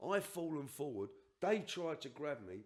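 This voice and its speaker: A man's voice: fairly high pitch, sing-song, normal speed. Older man telling a rambling story. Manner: rambling and emphatic, with restarts and asides. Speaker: podcast guest. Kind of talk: personal storytelling in a podcast chat.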